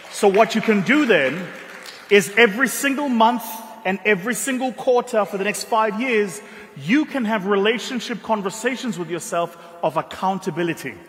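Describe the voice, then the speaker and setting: A young man from South Africa with a South African accent, giving an emphatic motivational keynote in a ballroom, telling stories with dramatic pauses. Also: high-pitched, animated, a bit bright. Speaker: keynote speaker. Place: large ballroom. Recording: long hall reverb.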